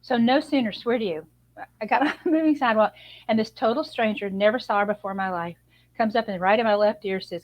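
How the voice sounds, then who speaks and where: A woman guest, an image consultant and author, telling a lively personal story on a video call. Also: on the high side, quick pace, rough recording. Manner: chatty, animated storyteller with a laugh.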